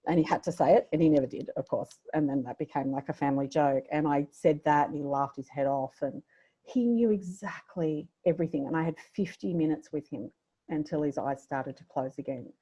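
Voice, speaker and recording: A woman's voice: sits low, fairly quick, mellow, breathy edge. A middle-aged woman with an Australian accent, a podcast guest telling a personal story in a candid, reflective way. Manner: candid, reflective, emotional at times. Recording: dull lo-fi audio.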